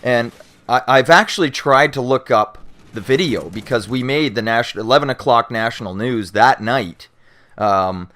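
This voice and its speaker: A man's voice: medium pitch, moderate pace. Casual young Canadian man telling a story. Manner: animated, acts out shouting cops and panicked friends; swears freely, many fillers and restarts. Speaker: YouTuber answering viewer questions.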